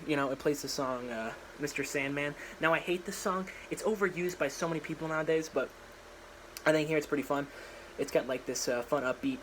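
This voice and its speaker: A man's voice: medium pitch, slight background noise, rough recording. A young man casually rambling through his own story idea in a slangy, filler-heavy monologue, recorded in a small room at home.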